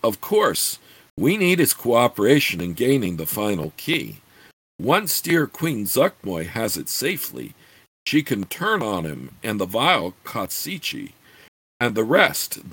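A man voicing an ancient scheming witch woman who speaks in a measured, formal way. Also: medium pitch, a bit bright, husky, no room sound, exaggerated voice.

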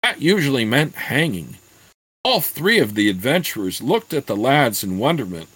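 A man reading a fantasy novel aloud, then pausing to comment with halting asides. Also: mid-range voice, slightly rough, no room sound. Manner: slow, expressive, halting in asides. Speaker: reader.

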